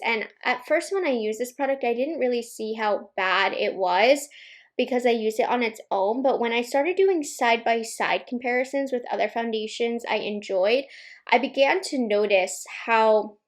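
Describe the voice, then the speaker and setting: A young woman vlogger, pregnant and a little out of breath, giving candid, opinionated makeup reviews at her table at home. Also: a little high. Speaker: beauty vlogger. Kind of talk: casual makeup review vlog.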